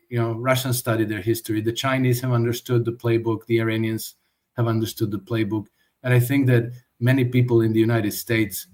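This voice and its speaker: Speaking in a mid-range voice with a darkish tone, a male guest commentator talks through a conversational interview. He is thoughtful, yet he restarts and stammers frequently.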